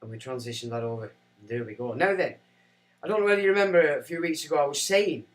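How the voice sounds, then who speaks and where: A man's voice: fairly high pitch, poor audio. A man hosting a livestream, rambling and self-mocking as he chats to viewers. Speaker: livestream host. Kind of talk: casual livestream chat.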